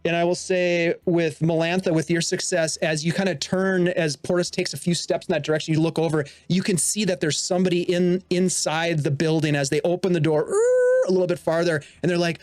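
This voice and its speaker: A man's voice: on the high side, expressive, fairly quick, hardly any pauses, darkish tone, no room sound. An American man narrating a tabletop role-playing game as game master, in a loose, rambling way with many fillers. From United States.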